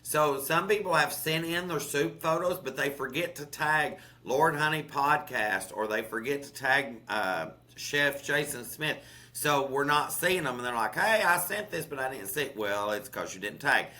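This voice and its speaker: Folksy Southern man, bright voice. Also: mid-range voice, normal speed. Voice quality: folksy, chatty, says "honey" and "okay?" often. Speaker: chef and podcast co-host. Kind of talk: casual cooking chat.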